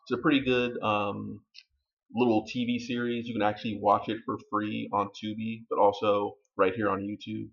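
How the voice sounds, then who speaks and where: Gravelly-voiced man hosting a video. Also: on the low side, normal speed, muffled recording. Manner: relaxed, many fillers. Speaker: video host. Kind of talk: casual chat.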